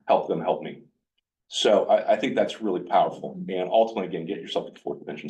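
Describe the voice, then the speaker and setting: A man speaking casually to a workshop group about recovery, blunt and animated, sometimes acting out the things people said to him. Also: low voice, distant mic, low-quality recording. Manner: blunt, animated, acts out his own quoted dialogue. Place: meeting room with a live group.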